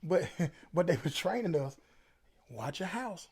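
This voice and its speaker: Gravelly-voiced man preaching advice. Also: on the high side, animated, measured pace, darkish tone. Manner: preachy, emphatic, Southern Black vernacular. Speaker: featured guest. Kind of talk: casual storytelling interview.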